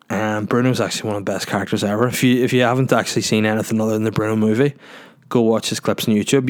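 A man's voice: fairly low pitch, steady tone, a little fast. A man hosting a solo podcast in a rambling, jokey, sweary casual chat. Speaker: podcast host.

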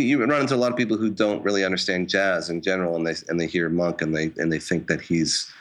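A middle-aged man, a jazz musician, talking casually in an interview with wry self-mocking humor and many restarts and fillers. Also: low-pitched.

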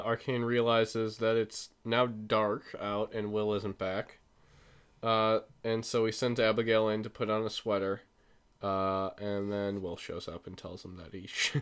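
A man's voice: on the low side, fairly even intonation, a little slow, fairly bright tone, smooth. A man hosting a podcast, casually recapping a movie with lots of fillers and self-corrections. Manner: rambling, filler-heavy storytelling with self-corrections. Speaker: podcast host.

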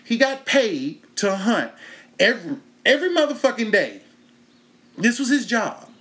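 A man's voice: high-pitched, measured pace. A man from Texas, hosting a comedy show and telling a story in a profane stand-up monologue. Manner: profane, animated storytelling, breaks into laughter. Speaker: comedian host.

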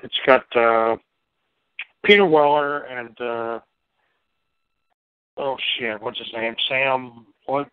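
A man in casual movie-talk mode, loose and rambling, swearing without a second thought. His voice sits at an ordinary pitch and comes through narrow and tinny, like a phone line. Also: takes it slowly, long pauses, clear, resonant tone, no room sound. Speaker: podcast co-host. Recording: tinny phone-like band-limited sound.

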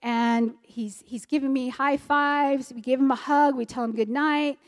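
A woman's voice: high voice, steady tone, measured pace, long reverb tail. A woman from the United States in her forties, sharing a personal testimony in an earnest, vivid storytelling way. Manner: earnest, vivid retelling that acts out dialogue. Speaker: speaker giving a personal testimony.

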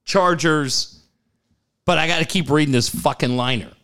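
A man and former radio host telling stories in casual chat, profane and animated, with loud high yelps when he acts things out. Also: moderate pace.

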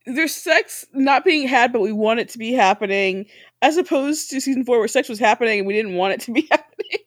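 A woman's voice: a little high, lively intonation, a little fast, dry recording, clean studio sound. A woman co-hosting a casual TV rewatch podcast, jokey and laughing often. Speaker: podcast co-host.

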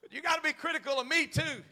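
High, bright-voiced preaching man. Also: gravelly, in a large hall. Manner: swings from hushed asides to shouted preaching. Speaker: pastor. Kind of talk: sermon.

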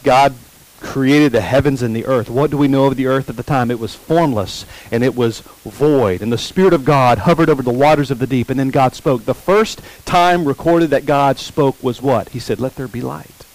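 Man preaching with slow emphatic repetition. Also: mid-range voice, darkish tone, no echo, poor audio. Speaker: pastor. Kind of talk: sermon.

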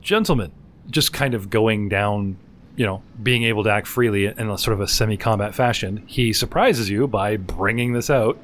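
A man running a tabletop game as game master over a video call, chatty and quick to laugh, narrating with playful sound effects. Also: fairly low pitch, slight background noise. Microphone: video call mic.

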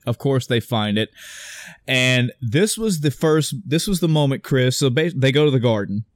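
A young man in casual chat, retelling a movie with animated energy and some swearing. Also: medium pitch, normal speed, dry recording. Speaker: podcast co-host discussing a movie.

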